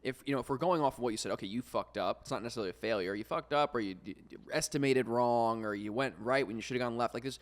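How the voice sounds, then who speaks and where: A man's voice: mid-range voice, fast talker, hardly any pauses. A man co-hosting a podcast, talking things through in a reflective, casual way. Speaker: podcast co-host. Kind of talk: casual conversation.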